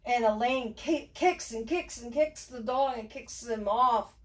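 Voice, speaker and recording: A woman co-hosting a casual book club podcast, talking emphatically and chiming in with quick agreement. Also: on the high side, distant mic. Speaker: podcast co-host.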